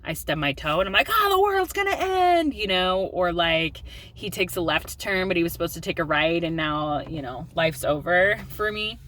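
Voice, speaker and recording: Candid mom vlogger, lower voice. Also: female voice, normal speed, fairly bright tone, a little hiss or hum. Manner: open and confessional, with filler ums and self-deprecating laughs. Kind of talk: candid personal vlog.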